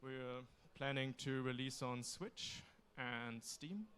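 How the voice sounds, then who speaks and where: A man pitching his game on a convention stage, explaining it steadily with a few fillers. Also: slow pace, a bit bright, a little hiss or hum.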